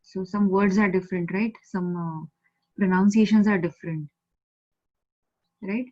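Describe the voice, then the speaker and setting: Indian woman teaching Japanese slowly. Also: mid-range voice, fairly even intonation, darkish tone. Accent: Indian English. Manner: patient, repeats words slowly for learners. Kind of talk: online language lesson. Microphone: video call. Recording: slightly muffled video call audio.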